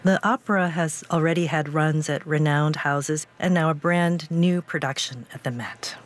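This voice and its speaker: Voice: mid-range voice, normal speed. An interviewer asking questions in a curious, appreciative way.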